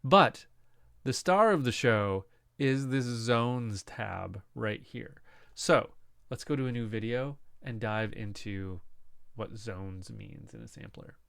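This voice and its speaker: A man explaining music production software in a casual, conversational lesson, asking rhetorical questions as he goes. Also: lowish voice, lively intonation, slow pace, creaky, clean tone, no room sound. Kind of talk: screen-recorded software lesson.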